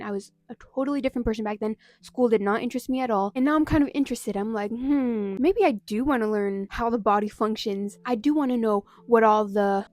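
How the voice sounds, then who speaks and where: A young woman in her twenties chatting to camera in a relaxed vlog. She talks in a candid, rambling way and laughs easily. Her voice sits a little higher than most women's. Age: 20s. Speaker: vlogger. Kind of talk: casual chat to camera.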